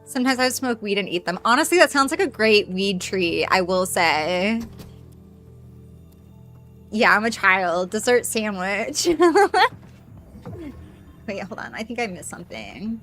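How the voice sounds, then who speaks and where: A woman streaming a game and chatting casually with her viewers, excitable and quick to swear, squealing greetings when viewers arrive. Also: medium pitch, faint music behind.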